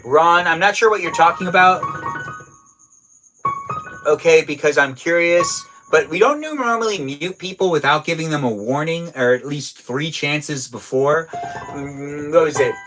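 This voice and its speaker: Slightly high-voiced man rambling on a livestream. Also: measured pace, music in the background, poor audio. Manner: rambling, playful, answers chat messages aloud. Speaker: livestream host reading viewer chat. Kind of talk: casual livestream chat. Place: home garage.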